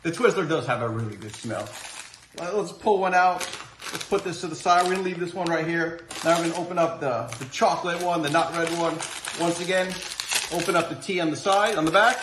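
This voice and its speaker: Casting: a man doing an earnest, rambling candy reviewer, slightly high voice, roomy echo. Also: a little fast, close to an everyday voice. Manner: earnest, rambling, stumbles over words. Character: fussy adult male snack reviewer, earnest. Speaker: comedy sketch character reviewing candy. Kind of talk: mock product review. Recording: roomy echo, faint noise.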